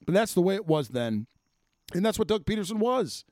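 A man's voice: sits high, sing-song, fairly quick, darkish tone, dry recording, clean studio sound. A man ranting about sports as a host, blunt and exasperated, swearing freely. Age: adult, former offensive lineman. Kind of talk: profane sports rant.

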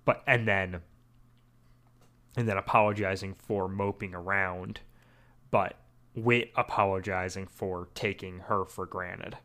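Halting, thoughtful man in casual talk. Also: deep voice, fairly even intonation, pushed and bright. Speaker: podcast co-host. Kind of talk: casual chat.

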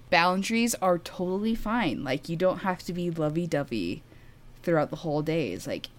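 A woman's voice: lowish voice, expressive, normal speed. A young woman telling a travel story in casual chat, laughing often and filling her talk with "like". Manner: chatty, laughs often, many "like" fillers. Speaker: guest sharing a travel story.

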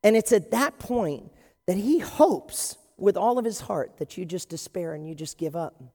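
A man preaching a sermon in an animated way, acting out the voices of the people he quotes. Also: sits high, moderate pace, big-room sound. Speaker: pastor.

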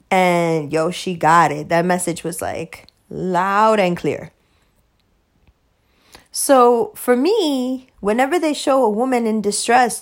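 A woman telling a personal story in a casual monologue, emphatic and heavy on profanity, laughing often. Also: medium pitch.

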